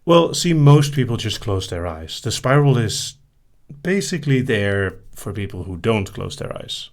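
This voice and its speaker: A man's voice: lowish voice, sing-song, measured pace. A man hosting a casual live-stream Q&A, reading out listener questions and answering them briefly with light laughs. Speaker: hypnosis host.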